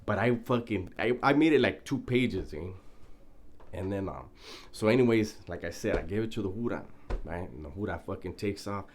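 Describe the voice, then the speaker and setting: A man's voice: low voice, lively intonation, normal speed. A man telling a prison story in a laid-back, profane, casual way, often breaking into laughter.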